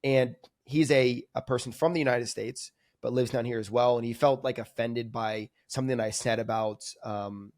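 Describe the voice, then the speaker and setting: A man talks openly as a podcast guest, his speech spilling out in loose, restarting sentences packed with filler words. His voice sits at an ordinary middle pitch, lively and earnest in delivery. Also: normal speed, few pauses, no echo, studio quality. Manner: energetic, rambling, full of "like" fillers. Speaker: podcast guest, coaching client. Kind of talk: candid conversational reflection. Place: lives in Argentina, remote podcast.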